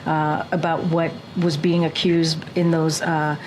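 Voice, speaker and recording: A woman answering a question at a press briefing, halting with many fillers. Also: low voice, little pitch movement, background noise. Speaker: press secretary.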